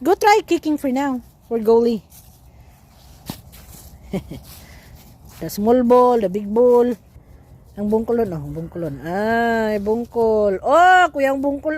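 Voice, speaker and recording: Woman, Filipino Cebuano accent, cheering mom, slow unhurried talk, lots of laughs. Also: a little high. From Philippines. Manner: cheering, laughing, playful with children. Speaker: mother filming her kids. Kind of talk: casual family vlog.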